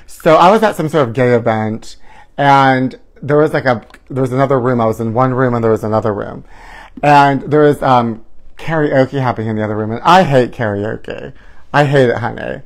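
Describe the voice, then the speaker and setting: A man's voice: mid-range voice, normal speed. A man hosting a live gossip show, flamboyant and sing-song, calling his viewers honey. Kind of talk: campy live-stream gossip chat.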